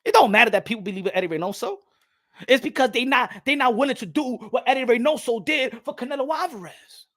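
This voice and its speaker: A man's voice: very high voice, lively intonation, fast talker, fairly bright tone. A man doing casual, rambling and sarcastic boxing commentary in slangy talk.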